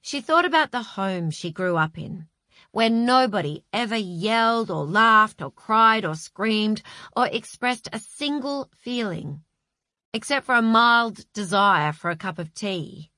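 A woman reading a novel aloud as an audiobook narrator, in a measured, even storytelling manner. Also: mid-range voice, no room sound, studio quality.

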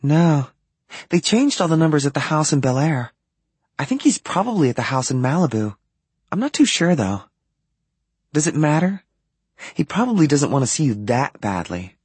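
Bored young woman, lifted voice, vague trailing replies, husky edge, read by a man. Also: fairly high pitch, very animated, normal speed, long pauses, darkish tone, no room sound, pitched above the performer's own voice. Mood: flat.

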